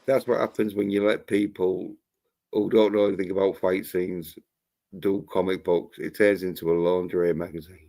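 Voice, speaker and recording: A man's voice: low voice, steady tone, normal speed, gravelly, dark tone. Blunt, foul-mouthed man. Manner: profane, blunt and mocking. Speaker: livestream host. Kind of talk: casual panel chat.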